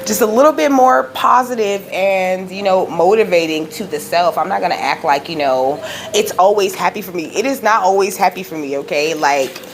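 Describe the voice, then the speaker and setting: A woman hosting her own spiritual channel, talking casually and emotionally, filling every pause with "you know" and "okay?". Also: lowish voice, slight background noise. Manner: rambling, says "you know" and "okay?" constantly, laughs often; emotional, close to tears at times. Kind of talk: casual spiritual vlog talk.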